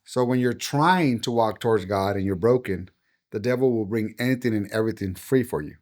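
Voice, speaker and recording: A man's voice: fairly low pitch, fairly quick, a little mellow. A man, a pastor, talking in a casual podcast conversation in an earnest, preacherly way. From United States. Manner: earnest, preacherly, acts out quoted voices. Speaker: pastor and guest.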